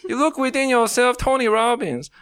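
A man's voice: a little high, flat delivery, fairly quick, a little mellow. A man voicing a boastful, chatty man with an exaggerated put-on foreign accent and broken grammar. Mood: pep-talking.

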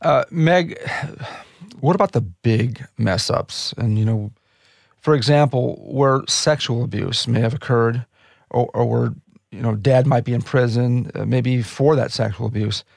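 A man hosts a radio interview in a gravelly, creaky voice. The sound is dry and close. He talks conversationally and fills his pauses with "uh". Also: mid-range voice, no room sound. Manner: conversational, with frequent "uh" fillers. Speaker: host.

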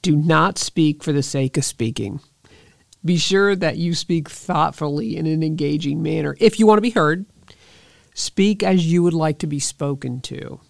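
A woman hosting a podcast, speaking to her listeners in an earnest, encouraging monologue full of rhetorical questions, slowing down to stress key points. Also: deep voice, gravelly, darkish tone, dry recording, clean studio sound. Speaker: podcast host.

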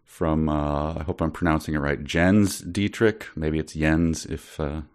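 Very deep-voiced man reading aloud. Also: fairly even intonation, unhurried, clear, resonant tone. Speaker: host. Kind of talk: reading excerpts aloud in casual chat.

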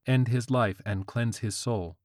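A man voicing a robotic female phone assistant that claims to be God, giving flat, commanding orders in a dry, close recording. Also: medium pitch, unhurried, no room sound, voice pushed up, lightly acted.

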